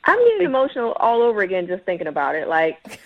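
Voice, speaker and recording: A woman's voice: medium pitch, very animated, fast, narrow, tinny audio, noisy background. A woman calling in to a radio show, dramatic and indignant, mockingly quoting her date. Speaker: caller. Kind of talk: emotional phone-in argument.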